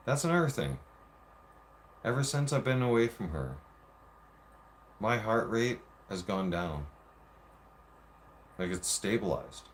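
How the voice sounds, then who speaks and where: Profane low-voiced man ranting. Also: a little hiss or hum. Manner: profane, heated, re-enacts arguments. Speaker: vlogger. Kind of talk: casual storytelling rant.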